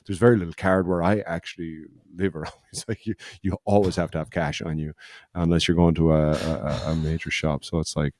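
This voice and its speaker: A man with a Dublin Irish accent, co-hosting a podcast in casual chat, teasing and chiming in with quick quips. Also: low voice, little pitch movement, darkish tone, a little hiss or hum. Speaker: podcast co-host.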